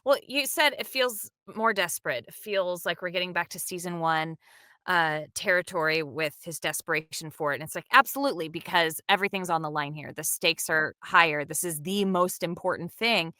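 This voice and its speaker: A woman's voice: fairly low pitch, moderate pace, pushed and bright, dry recording, clean studio sound. A woman, a dub director, talking animatedly in an interview and acting out the lines she quotes. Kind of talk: interview, behind-the-scenes talk.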